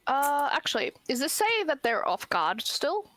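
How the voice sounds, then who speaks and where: A woman's voice: sits high, big pitch swings, unhurried, a bit bright, dry recording, poor audio. A woman playing in a tabletop game, giggly and playful, tossing in slang. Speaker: player. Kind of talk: casual tabletop game chat.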